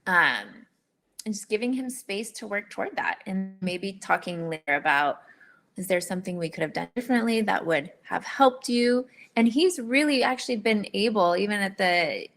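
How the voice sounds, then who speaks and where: Bright-voiced earnest woman. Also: mid-range voice. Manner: earnest, candid, animated storytelling. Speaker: guest. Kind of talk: casual interview.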